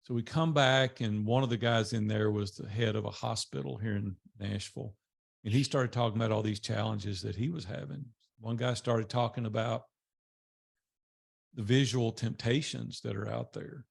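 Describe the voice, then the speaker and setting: A man's voice: fairly even intonation, moderate pace, creaky. An older man tells his life story to a small group in a conversational way, voicing the people he quotes. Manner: conversational, acts out quoted dialogue with rising pitch.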